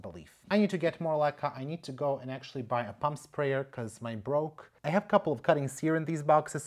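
A chatty vlogger at a mid pitch rambles on while doing plant chores, often talking to themselves. The talk is loose and casual. The room is bare and echoey. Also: a little mellow. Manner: chatty, rambling, talks to self. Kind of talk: casual vlog chat. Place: indoors among plant tents.

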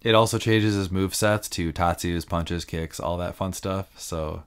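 A man's voice: low voice, fairly even intonation, unhurried, clear, resonant tone. A man co-hosting a podcast, chatting casually about fighting games with frequent laughs and loose filler words. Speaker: podcast co-host.

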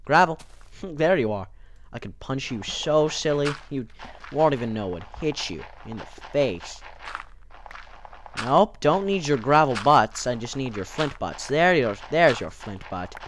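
A man's voice: mid-range voice, big pitch swings, a little slow, slight background noise. Goofy rambling young man, voice cracking. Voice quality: voice cracks often. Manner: rambling, goofy, talks to himself and the game. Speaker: gameplay video host. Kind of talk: casual let's-play commentary.

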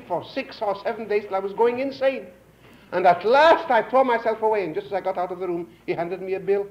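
An older man lecturing to an audience, telling a folk tale with lively character voices, on an old 1950s lecture recording. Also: a little fast, lo-fi sound, a little hiss or hum. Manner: animated storyteller, voicing characters with rising pitch. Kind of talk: storytelling lecture. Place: lecture hall.

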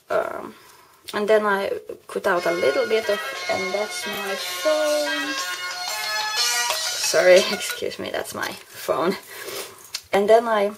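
A woman showing a handmade card she made, unhurried, often pausing to search for the right word. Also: medium pitch, creaky. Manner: unhurried, pauses to search for words. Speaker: craft vlogger. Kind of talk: card-making tutorial vlog.

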